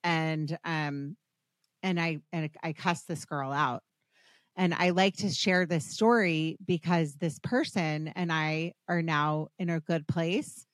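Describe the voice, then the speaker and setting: A woman's voice: deep voice, fairly even intonation, slow, no room sound, studio quality. A woman hosting a podcast interview, talking in an earnest, gushing, rambling way with many restarts. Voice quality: earnest, gushing, gets emotional. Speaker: podcast host. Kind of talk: casual interview chat.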